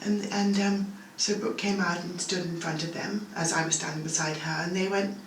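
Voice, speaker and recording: A woman in her sixties, a make-up artist, chatting and telling animated stories full of asides as a guest. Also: lowish voice, normal speed. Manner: animated anecdotal storytelling, full of asides like "you know" and "okay?". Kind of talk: casual chat. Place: home bathroom. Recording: roomy, distant-sounding, faint room noise.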